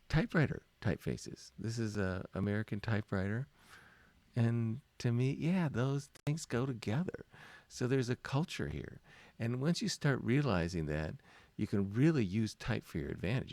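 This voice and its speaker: A man's voice: lowish voice, creaky, a little mellow, dry recording. A man teaching design in a casual, chatty lecture, informal and self-deprecating, with many fillers.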